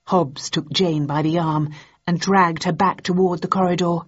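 Husky woman narrating a novel. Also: fairly low pitch, fairly even intonation, moderate pace. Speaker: audiobook narrator. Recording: slightly dull lo-fi audio.

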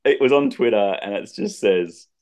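A man's voice: mid-range voice, animated, moderate pace, darkish tone. A middle-aged Australian man hosting a casual sports chat, teasing and laughing often. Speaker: podcast host.

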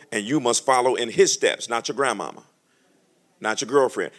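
A man preaching a sermon as pastor, joking between slow, emphatic scripture readings. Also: medium pitch. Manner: lively, humorous preaching, reads scripture slowly and loudly.

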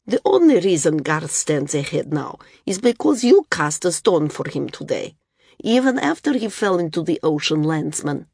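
A woman's voice: deep voice, very animated, normal speed, gravelly, darkish tone, slightly rough, dry recording, clean studio sound, exaggerated voice. A woman voicing a big, blunt man from the outer islands who grumbles his objections.

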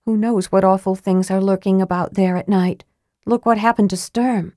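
A woman voicing a spirited young woman fighter who speaks softly but firmly, with a sharp edge. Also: medium pitch, fairly even intonation, normal speed, no room sound, clean studio sound, close to an everyday voice. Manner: soft but firm, sharp-tongued.

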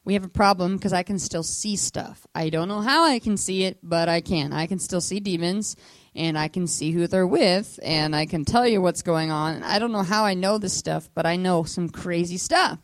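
A woman giving a casual, animated testimony sermon to a church audience, full of fillers like "like" and acting out the voices of people in her story. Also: on the low side, no echo.

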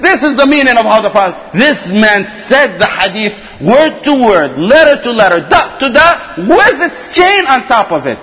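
A man giving an animated religious lecture to students, telling stories and acting out what people said. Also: very high-pitched, normal speed, hardly any pauses, in a large hall, rough recording. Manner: animated, acts out quoted speech, frequent restarts. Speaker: religious teacher.

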